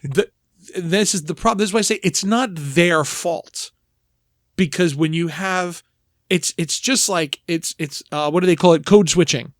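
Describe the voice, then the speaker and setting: Male podcast co-host, slightly high-pitched, animated and digressive, dry studio sound. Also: moderate pace, no echo. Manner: animated, rambling, emphatic with restarts. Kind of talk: casual film discussion.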